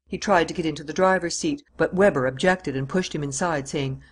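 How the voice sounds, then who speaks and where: A man's voice: fairly high pitch, fairly even intonation, fairly quick, hardly any pauses, a little hiss or hum. A man narrating a classic adventure novel as an audiobook reader.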